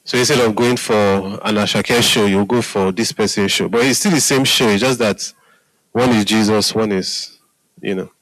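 A man's voice: lowish voice, steady tone, moderate pace, fairly bright tone, no echo, rough recording. A man preaching a sermon in a conversational way, often asking his listeners if they are following. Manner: conversational, repeats "Hallelujah" and "are we together?" to the audience.

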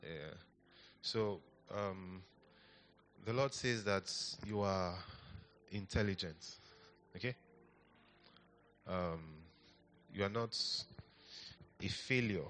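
A man's voice: sits low, slow, long pauses, fairly bright tone, a little hiss or hum. A man preaching a sermon in a church, repeating phrases and asking the congregation to answer back. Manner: coaxing, repeats phrases, asks the congregation to respond. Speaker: pastor.

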